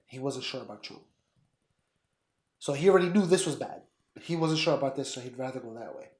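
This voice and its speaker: A man's voice: mid-range voice, lively intonation, brisk, a little mellow, roomy sound. A man of Puerto Rican background co-hosting a casual podcast, giving blunt opinions and acting out what others might say. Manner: blunt, opinionated, talks in quoted asides. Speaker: podcast co-host. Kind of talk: casual political chat.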